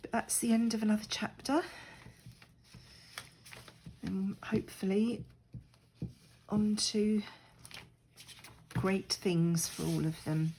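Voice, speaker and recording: A woman's voice: mid-range voice, fairly even intonation, slow pace, pauses often, a little mellow, slight background noise, rough recording. A middle-aged woman chatting casually and rambling a little while she works on a craft project, poking fun at herself. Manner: chatty, rambling, self-deprecating. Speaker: crafting vlogger.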